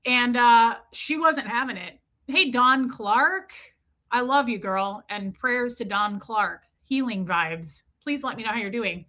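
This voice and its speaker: Hosting a relaxed livestream, this woman spins a crude, candid comic tale and calls out viewers by name in the gaps. Her voice sits a little high, bright and pushed, and she keeps a measured pace.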